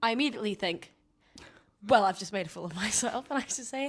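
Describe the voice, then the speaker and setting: A young woman co-hosting a podcast, telling stories in a lively, animated way and laughing often. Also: mid-range voice, quick pace. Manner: animated storytelling, laughs a lot. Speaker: podcast co-host. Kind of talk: casual chat.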